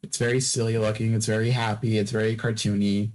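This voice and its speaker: A man's voice: fairly low pitch, flat delivery, fairly quick, a little mellow, poor audio. Drowsy man rambling on a podcast. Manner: repeats words and phrases, stammering restarts; drowsy, yawning between topics. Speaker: podcast host. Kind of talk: casual rambling podcast monologue.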